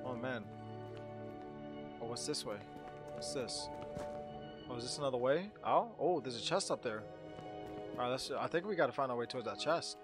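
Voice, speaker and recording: A man playing a horror game and commenting to himself in a jumpy, excitable way, with game music behind him. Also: medium pitch, brisk, long pauses. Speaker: gaming channel host. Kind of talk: let's play commentary.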